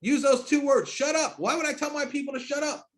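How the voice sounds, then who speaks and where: Loud, high bursts break out of the rapid runs of a middle-aged man's speech as he leads a sales training over screen share. He's a network marketing trainer, and his delivery is emphatic and hyped.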